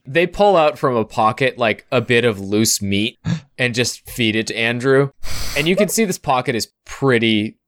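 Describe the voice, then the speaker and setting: A man narrating a tabletop role-playing game as game master, in a relaxed, wry way. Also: medium pitch, normal speed, no room sound, studio quality.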